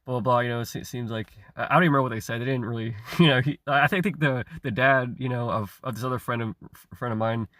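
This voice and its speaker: A man's voice: mid-range voice, quick pace, a bit bright, no room sound, studio quality. A man delivering a rambling, profane rant, stammering and repeating himself, with chuckles between phrases. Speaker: online commentator. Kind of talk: ranting monologue.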